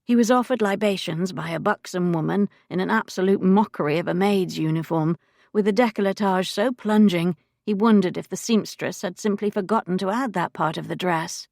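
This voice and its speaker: A woman narrating a historical romance audiobook in a measured, wry storytelling manner. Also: mid-range voice, gravelly, a little mellow, dry recording, studio quality. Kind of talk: scripted narration.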